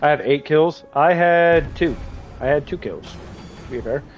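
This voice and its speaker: A man's voice: a little high, animated, unhurried, lo-fi sound, faint music behind. A young man telling a rambling, profane story while streaming a game, with lots of fillers. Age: young adult. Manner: rambling storyteller, swears freely, many fillers. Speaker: gaming streamer. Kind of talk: casual live-stream chat while playing.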